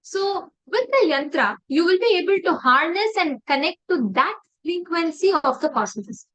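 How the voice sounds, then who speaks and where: High-voiced woman explaining calmly. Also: normal speed, highs cut off. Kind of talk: explaining spiritual concepts in a class.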